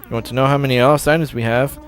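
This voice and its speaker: A man's voice: medium pitch, fairly even intonation, very fast, faint music behind, close to an everyday voice. A man voicing a stuffy male police dog officer in a game, speaking in a prim, officious way.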